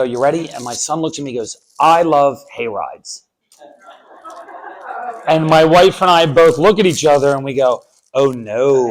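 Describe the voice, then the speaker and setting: Man, thirties, from the US, story slam teller, wry, animated, slightly high voice. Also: poor audio. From United States. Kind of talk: live story slam performance. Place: on stage before an audience.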